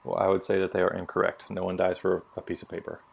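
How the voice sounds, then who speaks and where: A man's voice: low voice, monotone, quick pace, gravelly, darkish tone, slightly rough. A young man telling stories on a casual opinion podcast, blunt and profane. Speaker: podcast co-host.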